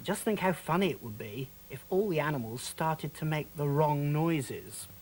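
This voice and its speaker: A woman presenting a children's show, speaking slowly and playfully to young children and reading rhymes aloud. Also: sits low, lively intonation, husky. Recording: loud music behind the voice.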